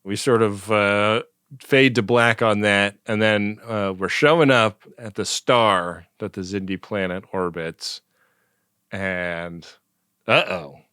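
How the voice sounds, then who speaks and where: A man co-hosting a podcast, recapping in a relaxed way with wry asides. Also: fairly low pitch, slow pace, clean tone, dry recording, clean studio sound. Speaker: podcast co-host. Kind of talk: casual chat.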